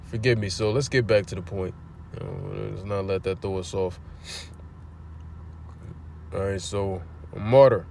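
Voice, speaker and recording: A low-leaning, creaky, slightly mellow male voice moves a little slowly with long pauses as he preaches informally on a street-side livestream. Reading scripture aloud, he asks rhetorical questions and swears bluntly to drive points home, with slight background noise.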